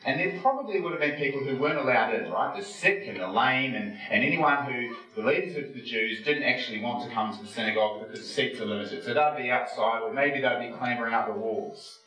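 A man's voice: mid-range voice, a little fast, few pauses, bright, forceful tone. A man giving a chatty Bible study sermon, posing rhetorical questions to his listeners. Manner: folksy, chatty, with frequent fillers. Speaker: Bible teacher. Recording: very echoey room from a distance with faint music.

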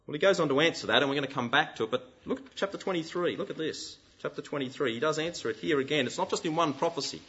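A man preaching a sermon, animated and full of rhetorical questions. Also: mid-range voice, fast, highs cut off.

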